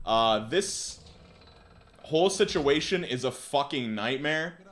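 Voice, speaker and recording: Animated slangy young man streaming. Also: fairly high pitch. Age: 20s. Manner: slangy, animated, swears casually. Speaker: livestream host reading forum posts. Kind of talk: casual live-stream chat.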